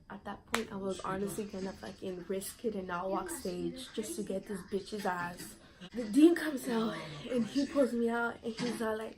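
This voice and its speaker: Animated young woman telling a storytime. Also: fairly high pitch, moderate pace, a crowd in the background, poor audio. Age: young adult. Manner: animated, profane, reenacts quotes. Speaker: vlogger. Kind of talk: casual storytime.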